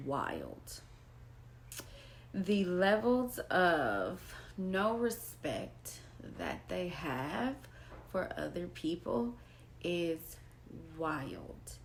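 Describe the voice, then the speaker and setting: Slow, emphatic woman vlogging. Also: medium pitch, slight background noise. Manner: slow, emphatic, repeats phrases for weight. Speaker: mother sharing personal experience. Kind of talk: personal vlog monologue.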